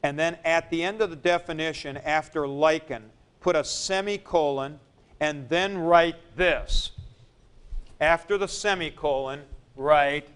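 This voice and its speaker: A man teaching a Greek grammar lesson in a classroom, spelling out word forms deliberately, syllable by syllable. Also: a little high, a bit bright, clear, resonant tone. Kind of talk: classroom lecture.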